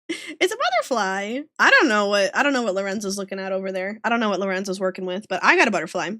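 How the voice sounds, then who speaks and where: Drawing live on her stream, a young Southern woman chats with viewers, laughing often and giggling as she goes. Her accent is slightly Southern with a touch of New York vowels, and her medium-pitched, sharp-toned voice comes through studio quality with no echo.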